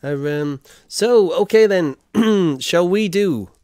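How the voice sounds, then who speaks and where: A man's voice: high voice, animated, takes it slowly, darkish tone, smooth, no room sound. Chatty man streaming a game. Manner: chatty, reads and answers chat. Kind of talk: casual live-stream chat.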